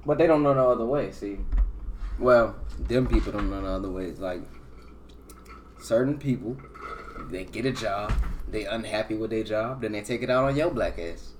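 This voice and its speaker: A man's voice: lowish voice, moderate pace, darkish tone. A young man hosts a casual podcast with loose, profane banter. He sits a little back from the mic. A faint hiss runs under his voice. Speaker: podcast host. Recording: distant mic with background noise.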